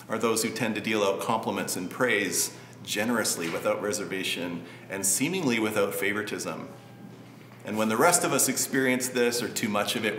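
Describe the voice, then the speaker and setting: A man preaching a sermon in a relaxed, conversational way with light humor. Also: lowish voice, reverberant, slight background noise. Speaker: pastor.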